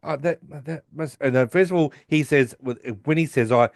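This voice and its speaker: A man's voice: a little high, normal speed, no room sound, studio quality. A man co-hosting a podcast, casually retelling a TV episode and acting out the characters' lines with restarts and asides. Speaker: podcast co-host recapping an episode. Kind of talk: casual chat.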